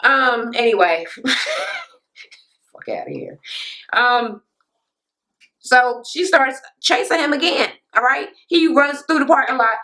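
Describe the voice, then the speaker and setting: Sassy woman ranting about a reality show, bright voice, cussing a lot, kinda high. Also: slow pace, pauses often. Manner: profane, sassy, animated ranting. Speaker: reality TV recap host. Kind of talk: casual ranting recap. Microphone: camera mic.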